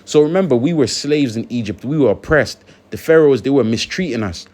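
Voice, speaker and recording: A man hosting a religious video, talking through scripture in a conversational way with lots of "you know". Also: medium pitch. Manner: conversational, many fillers and restarts. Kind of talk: scripture commentary.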